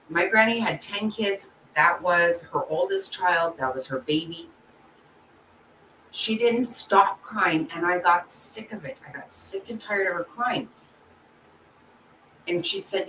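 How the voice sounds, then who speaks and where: A woman's voice: on the low side, lively intonation, a little slow, pushed and bright. Blunt, swearing woman vlogger in a roomy echo. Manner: blunt, swears freely, emotional rants; talks to viewers and reads their comments. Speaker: channel host. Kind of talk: casual vlog commentary. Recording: roomy echo, distant from the mic, faint background noise.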